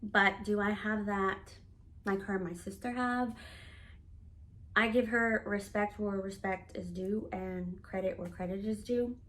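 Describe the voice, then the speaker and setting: Woman, thirties, vlogger, candid storytelling, animated quoted dialogue, medium pitch. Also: measured pace. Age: 30s. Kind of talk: personal storytelling to camera.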